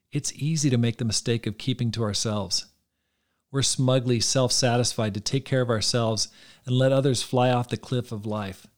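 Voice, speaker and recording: A man hosting a podcast, reading aloud from his own book in an earnest, measured way. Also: medium pitch. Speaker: podcast host.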